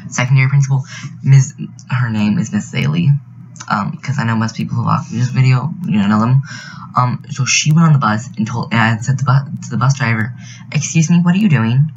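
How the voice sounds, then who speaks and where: A man's voice: medium pitch, steady tone, a little fast, dull audio, background noise. A teenage boy, telling an indignant, rambling story over a game video, full of fillers. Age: teens. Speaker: youtuber narrating a speed build. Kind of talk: casual storytelling voiceover.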